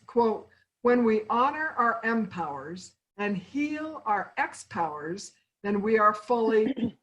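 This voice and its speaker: A woman hosting a webinar over a video call, warmly and effusively introducing her guest. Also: mid-range voice, low-quality recording. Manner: effusive, affectionate. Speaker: webinar host.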